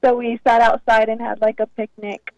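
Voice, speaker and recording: A woman's voice: fairly high pitch, flat delivery, normal speed, lo-fi sound, a crowd in the background. A woman from Texas calling in to a radio show, chatting in a friendly way about her week. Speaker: caller. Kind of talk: phone-in chat.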